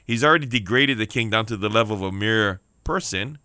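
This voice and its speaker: A man's voice: on the low side, fairly quick, pushed and bright, smooth, no room sound, studio quality. A man preaching a sermon on the radio, emphatic, repeating key lines and calling out for amens. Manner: emphatic preaching with repeated phrases and call-outs for amen.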